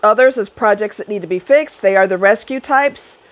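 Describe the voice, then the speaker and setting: A woman's voice: mid-range voice, normal speed. A woman giving blunt relationship advice to the camera, sassy and profane, mimicking other people's voices as she talks.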